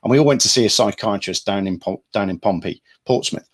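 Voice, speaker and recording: A man's voice: lowish voice, fairly quick. A middle-aged man from England, a hypnotherapy trainer, telling stories in a rambling, casual way to an online audience. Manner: rambling, repeats himself, acts out quotes loudly.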